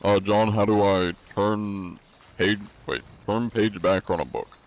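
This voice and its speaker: A man's voice: lowish voice, fairly even intonation, measured pace. A man streaming a game live in a casual, laid-back way, reading chat aloud, answering it and using many "uh" fillers. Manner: frequent "uh" fillers.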